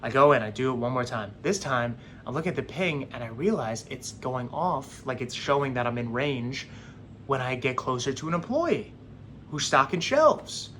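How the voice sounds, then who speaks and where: A young man casually telling a story straight to camera, animated and acting out what others said. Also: mid-range voice, normal speed, a little hiss or hum. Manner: animated, acts out quoted voices.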